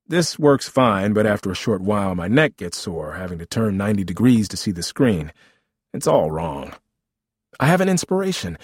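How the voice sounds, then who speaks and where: A man's voice: lowish voice, breathy edge, no echo, clean studio sound. A man reading a memoir aloud as narrator, with a wry, vivid storytelling manner.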